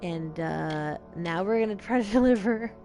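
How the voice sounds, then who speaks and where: Chatty woman with a gravelly voice. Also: lowish voice, normal speed, dark tone, faint music behind. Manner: chatty, swears casually, acts out characters' lines. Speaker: streamer playing a game. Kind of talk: casual gameplay commentary.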